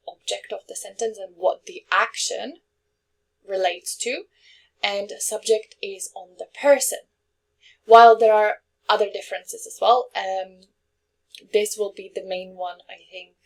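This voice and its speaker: A woman teaching a language lesson, explaining grammar patiently with example sentences and checking in with her listeners. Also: mid-range voice. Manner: clear, patient, checks in with "okay?" and "yeah?"; reads example sentences quickly, translates slowly.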